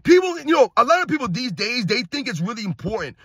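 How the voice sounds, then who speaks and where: A man's voice: very high-pitched, big pitch swings, fast talker, fairly bright tone, husky, no room sound, studio quality. A middle-aged man hosting a sports commentary channel, ranting heatedly and emphatically, often tagging his lines with "man".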